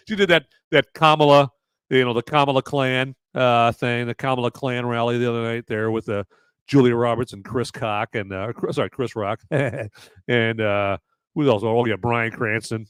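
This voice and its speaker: A man hosting a live podcast, chatting in a rambling, jokey way with sudden loud, shouty bursts. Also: medium pitch, unhurried, smooth, dry recording, studio quality. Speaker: podcast host. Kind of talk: live-stream movie review chat.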